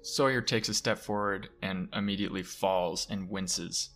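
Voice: low voice, fairly even intonation, normal speed, a bit bright, faint music behind. A player describing his character's actions in a tabletop role-play in a casual, rambling way.

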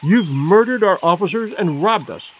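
A man playing a bold young gentleman. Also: high voice, lively intonation, moderate pace, slight background noise. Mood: defiant.

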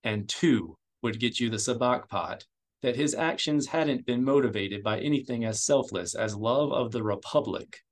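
Man reading an audiobook, measured. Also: mid-range voice. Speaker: audiobook reader. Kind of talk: audiobook narration.

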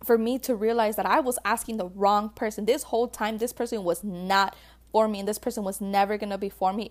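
A woman vlogger talking casually and emotionally to her viewers about relationships, full of "like" and calling them sis and babe. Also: mid-range voice. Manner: chatty, emotional, calls viewers sis and babe, many likes. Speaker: vlogger giving relationship advice. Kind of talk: casual heartfelt talk to viewers.

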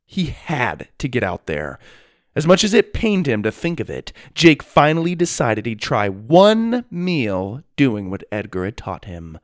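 A man narrating a children's story in an animated, expressive way. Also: mid-range voice, a little slow, dry recording, clean studio sound.

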